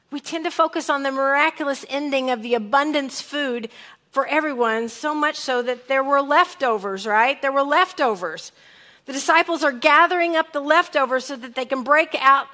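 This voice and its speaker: A woman's voice: high-pitched, pushed and bright. A woman pastor giving a sermon, reading scripture aloud and acting out lines in different tones. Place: church sanctuary.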